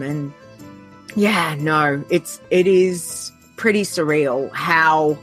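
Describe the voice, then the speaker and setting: Earnest Australian woman, faint music behind. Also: low-pitched. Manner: heartfelt and earnest, trails off and restarts often. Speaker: podcast guest. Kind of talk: casual podcast conversation.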